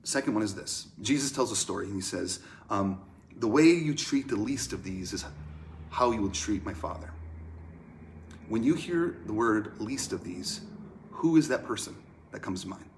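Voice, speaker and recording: A man preaching a sermon in a conversational way, swinging from loud emphatic lines to hushed ones. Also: fairly low pitch, animated, moderate pace, slight background noise. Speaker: pastor.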